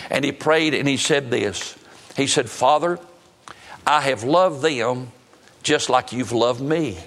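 A man preaching to his church congregation, slowing down when he quotes scripture. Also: medium pitch, fairly bright tone. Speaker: pastor. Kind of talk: sermon. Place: church sanctuary.

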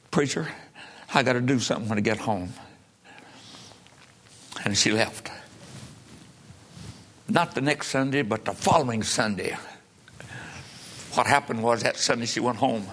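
A man preaching a revival sermon, impassioned, swinging from low pleading to shouted peaks. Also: a little slow, pauses often, a little hiss or hum.

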